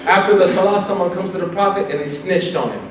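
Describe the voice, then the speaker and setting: A man giving a casual, humorous religious talk to a campus group, animated and jokey, acting out quotes. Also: sits high, fast talker, crowd noise. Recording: echoey hall from far off, noisy.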